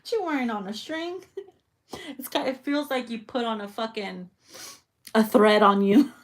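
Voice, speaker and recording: A woman's voice: a little high, moderate pace. A woman doing a tarot reading in a casual, bawdy, playful way, laughing often and tossing in slangy asides. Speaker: tarot reader.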